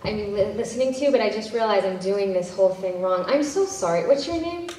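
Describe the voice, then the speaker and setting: Chatty actress in an echoey hall. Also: female voice, mid-range voice, expressive, brisk, warm tone. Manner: chatty, self-interrupting, laughs easily. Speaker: panel guest, actress and director. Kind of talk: casual convention Q&A answers. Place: convention hall panel. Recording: echoey hall from far off, faint noise.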